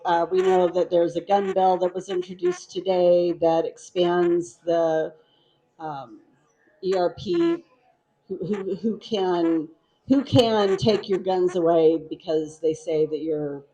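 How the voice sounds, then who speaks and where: A woman on a panel, speaking in a halting way with fillers. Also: fairly low pitch, warm tone, poor audio. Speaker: state official panelist. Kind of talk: panel talk.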